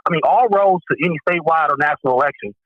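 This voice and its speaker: A man's voice: on the high side, rapid-fire, no room sound. A man from Wisconsin calling in to a talk show, thinking aloud as he analyzes politics casually. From Wisconsin, USA. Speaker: caller. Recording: dull lo-fi call line.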